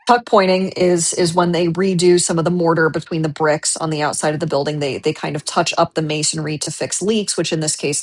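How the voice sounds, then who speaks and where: Chatty woman streamer, slightly low voice. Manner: animated retelling with repeated restarts. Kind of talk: casual storytelling chat.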